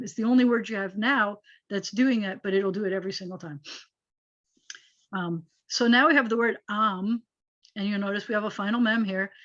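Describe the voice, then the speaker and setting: A woman rabbi teaching a Hebrew grammar class online, explaining patiently and getting animated when she makes a point. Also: a little high. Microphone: video call. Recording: dull lo-fi video call audio.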